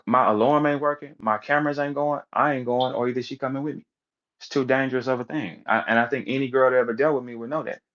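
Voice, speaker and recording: A man rants in a heated, profane stream of talk, slipping into other people's voices as he tells stories. His voice sits at a middle pitch. The audio is dull and lo-fi, like an online voice room. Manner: profane, animated storytelling, acts out voices of others. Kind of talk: heated casual rant.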